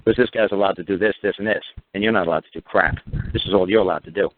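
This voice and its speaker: Low-voiced and rapid-fire, this man spins courtroom tales on his radio talk show, cursing liberally and playing both parties in every exchange. The sound is tinny, like radio over a phone line.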